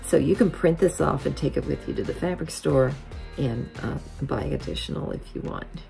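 A woman hosting a quilting software tutorial, explaining each step methodically as a voice-over. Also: deep voice, animated, normal speed, creaky, faint music behind.

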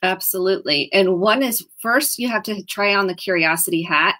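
A woman therapist from Indiana talking on a video call, coaching and acting out example questions in a warm, encouraging way. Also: mid-range voice, normal speed. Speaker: licensed therapist. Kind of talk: video-chat conversation.

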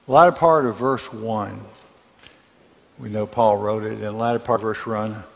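Man, Southern accent, Bible class teacher, low gravelly voice, conversational, long church-room reverb. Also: steady tone. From Mississippi. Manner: conversational, asks the class questions, halting with fillers.

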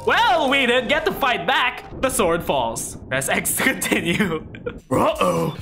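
A woman doing let's play commentary, excitable and laughing often, swearing at the game and reading its text aloud. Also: fairly high pitch, measured pace. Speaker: gaming YouTuber. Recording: game music behind her voice.

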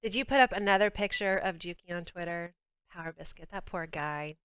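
A young woman with a Southern US accent hosts a game stream, chatting bubbly and casually with viewers mid-play. She talks briskly in a lowish, smooth, fairly bright voice, with no echo.

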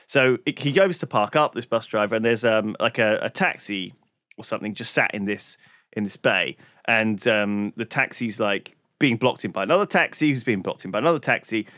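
A man's voice: fairly low pitch, moderate pace, a bit bright, dry recording, clean studio sound. Rambling, sweary man telling a story. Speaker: podcast co-host. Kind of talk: casual chat.

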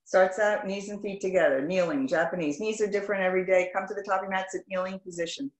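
A woman yoga teacher runs a live class over a video call, firing off short, clipped commands at a medium pitch. The sound is echoey, as if she is in a reflective room. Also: fairly even intonation. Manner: brisk rapid-fire commands in short clipped phrases; affectionate, greets students warmly by name. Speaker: yoga instructor. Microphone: video call microphone.

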